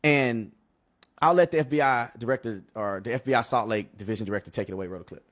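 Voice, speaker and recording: Man, official giving a statement, measured delivery. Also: mid-range voice, fairly bright tone. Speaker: official at a press conference. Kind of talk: press statement.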